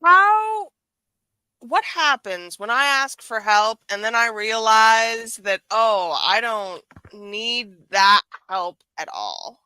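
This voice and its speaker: Woman host, slow and thoughtful, smooth bright voice, dry close mic, asks her cohost stuff. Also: fairly high pitch, sing-song, dry recording, poor audio. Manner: reflective, asks the co-host questions. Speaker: podcast host. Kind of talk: casual live-stream conversation.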